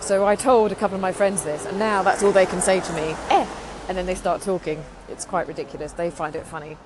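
Speaking quickly in a low, steady voice, this podcast host from England rambles through casual chat and keeps restarting her sentences. Noise runs behind her throughout.

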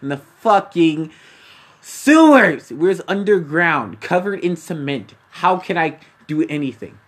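A man's voice: on the high side, sing-song, a little slow, fairly bright tone. Young guy, defensive and exasperated, casual crude chat, laughs through stories. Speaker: friend in a recorded chat. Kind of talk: casual banter.

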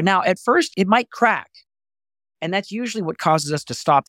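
A middle-aged man hosting a podcast voice lesson, animated and often jumping high to demonstrate. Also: a little fast, no room sound, clean studio sound. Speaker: voice coach and podcast host.

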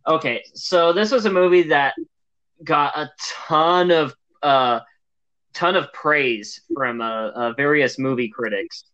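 A man co-hosting a podcast, chatting about movies in a halting way with many fillers. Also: fairly high pitch, sharp tone, dull audio. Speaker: podcast co-host. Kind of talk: casual movie chat.

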